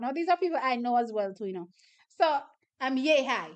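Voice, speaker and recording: A woman's voice: high-pitched, fairly quick, lo-fi sound. Laughing woman telling stories. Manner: laughs often, animated storytelling. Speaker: livestream host. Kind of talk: casual livestream chat.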